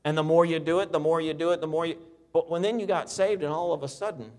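A middle-aged man preaching a sermon, reading scripture and telling stories with lively, animated delivery. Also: fast talker. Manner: animated storytelling preacher, reads scripture in a lower, steadier voice. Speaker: pastor.

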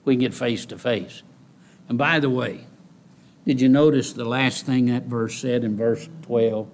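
A man preaching a sermon in a folksy way, repeating key phrases and rising into loud exhortation. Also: fairly even intonation, unhurried, a little hiss or hum. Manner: rises to loud, high-pitched exhortation. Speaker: pastor.

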